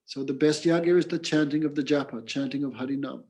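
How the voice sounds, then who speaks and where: A man's voice: mid-range voice, fairly even intonation, fast, darkish tone. A man, a spiritual teacher giving a scripture class and telling stories in plain, patient explanations. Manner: plain, patient explaining, breaks into mantra chanting.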